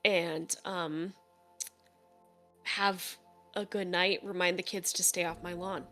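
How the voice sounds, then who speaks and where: A woman's voice: on the low side, fairly even intonation, takes it slowly, sharp tone, faint music behind, voice pushed down, heavily acted. A woman voicing a grumpy old man who keeps a bowling alley, grumbling and reluctant. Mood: gruff.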